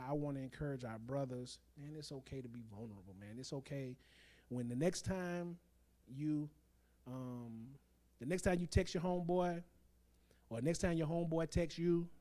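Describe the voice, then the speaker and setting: A man's voice: fairly high pitch, mellow. A man earnestly encouraging other men to open up, repeating his points. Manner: earnest, exhorting, repeats himself.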